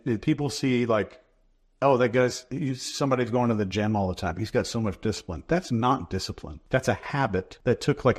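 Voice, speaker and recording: A man, a guest in an interview, explaining ideas in a measured, instructive way and repeating key phrases for emphasis. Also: mid-range voice. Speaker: behavior expert guest.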